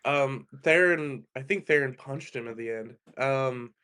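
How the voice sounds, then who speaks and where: A man at mid pitch chatting casually as a player in a tabletop game. He sounds tentative and asks a lot of questions. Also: unhurried, a bit bright, clean tone.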